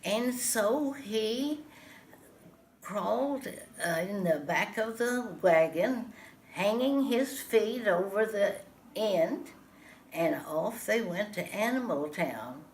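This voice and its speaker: A woman telling a folksy animal tale, unhurried and pausing often with "uh". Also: mid-range voice, expressive, a little mellow, a little hiss or hum. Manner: unhurried, with many "uh" pauses. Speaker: storyteller. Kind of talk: folksy spoken storytelling.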